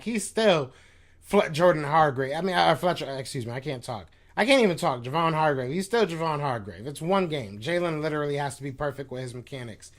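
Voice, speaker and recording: A man's voice: on the high side, a bit bright. A man hosting a sports podcast live stream, venting in a frustrated, slangy, repetitive casual rant. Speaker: podcast host reacting to chat.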